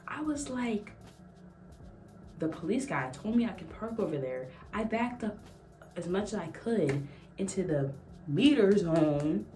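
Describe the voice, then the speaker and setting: A woman's voice: on the low side, animated, unhurried, over music. A young woman vlogger telling a casual story, acting out quotes and laughing often. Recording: echoey room, mic at a distance.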